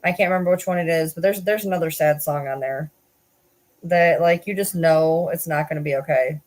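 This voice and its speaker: A woman's voice: sits low, fairly quick, darkish tone. Rambling, chatty woman. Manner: rambling, swears, laughs often, self-deprecating. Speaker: streamer. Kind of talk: casual live-stream chat.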